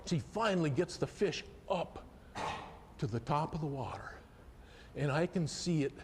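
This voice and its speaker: A middle-aged man tells a story on stage in a folksy, animated way, dropping low then rising to loud excitement. His voice sits a little high and moves a lot in pitch. The live recording carries a long hall reverb and a faint ambient hum. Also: normal speed.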